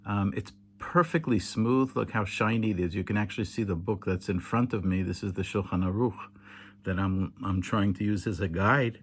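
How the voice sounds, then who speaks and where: A tired man explains a hands-on demonstration late at night, patient and halting, with many fillers and self-corrections. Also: on the low side, a little hiss or hum. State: tired, yawning. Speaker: teacher demonstrating kosher slaughter. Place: home indoors in Israel, at night.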